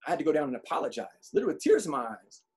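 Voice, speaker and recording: Husky animated male speaker. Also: fairly high pitch, rapid-fire. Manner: animated storyteller, acts out quotes. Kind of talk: motivational talk with comic stories.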